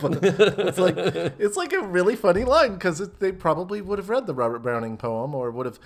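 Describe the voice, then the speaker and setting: A man's voice: high-pitched, big pitch swings, normal speed, hardly any pauses. Jokey man sharing sitcom trivia. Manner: chatty, jokey, laughs while telling, fond of trivia. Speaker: podcast co-host. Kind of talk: casual chat recapping a sitcom episode.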